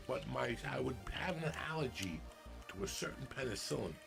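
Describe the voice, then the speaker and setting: A man in his fifties from New Jersey tells an animated, profane story as a podcast guest. He acts out the people in the story as he goes. His voice has a gravelly rasp at a middle pitch, with music playing underneath. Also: fairly quick. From New Jersey, USA.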